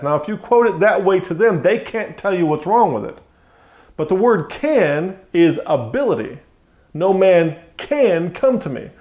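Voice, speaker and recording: A man's voice: sits high, a little mellow, dull audio. A man teaching on a Bible verse in a combative, emphatic way, arguing against an opposing reading. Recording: echoey room.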